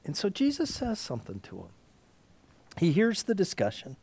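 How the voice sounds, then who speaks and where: Dramatic preacher man, whisper to shout. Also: high voice, huge pitch swings, normal speed, slightly rough. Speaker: pastor. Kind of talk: sermon.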